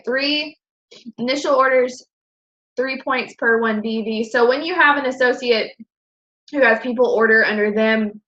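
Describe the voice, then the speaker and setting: A woman's voice: medium pitch, sharp tone, lo-fi sound. A woman in her twenties giving a casual presentation to her team, chatty and upbeat, with lots of fillers and self-corrections. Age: 20s.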